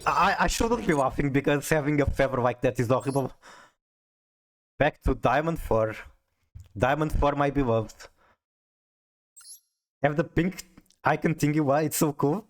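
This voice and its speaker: A man's voice: on the high side, measured pace, pauses often. A man streaming a card game, chatting casually with viewers, often stammering as he restarts sentences. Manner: chatty, stammers on restarts, reads chat aloud. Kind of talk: casual live-stream chat while playing a card game.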